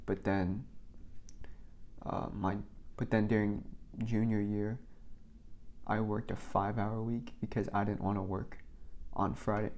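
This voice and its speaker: A man's voice: lowish voice, a little mellow. A young man casually rambling through work stories for his vlog, filling his talk with "like" and restarts. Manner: rambling, filler-heavy, many "like"s. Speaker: vlogger.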